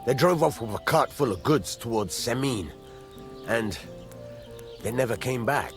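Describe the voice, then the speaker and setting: A man playing a cursing gruff blacksmith. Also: mid-range voice, expressive, measured pace, faint music behind, natural voice. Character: gruff middle-aged male blacksmith, grumbling employer. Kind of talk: video game voice acting.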